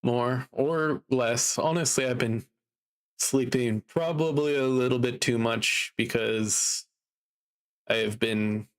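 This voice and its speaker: A man streaming live and chatting casually, drowsy and a bit down, rambling slowly with lots of fillers. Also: medium pitch. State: sleepy and low in mood.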